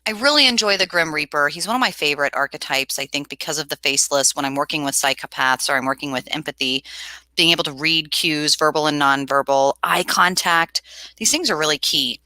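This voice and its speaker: A woman with a low, brisk voice hosts a casual tarot livestream, chatting animatedly and laughing often as she reads viewers' comments aloud. The recording has no room sound.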